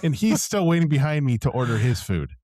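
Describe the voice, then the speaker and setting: A man's voice: mid-range voice, big pitch swings, a little fast, mellow, no echo, clean studio sound. A man co-hosting a podcast, telling a story in casual chat with lots of fillers. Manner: rambling storyteller with many fillers. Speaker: podcast co-host.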